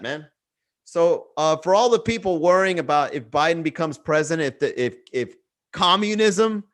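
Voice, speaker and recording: A young man with a somewhat high voice hosts a casual comedy livestream. He tells stories in a loose, swearing bro-talk way, like chatting with friends. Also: fairly bright tone. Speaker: comedy podcast host. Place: Miami.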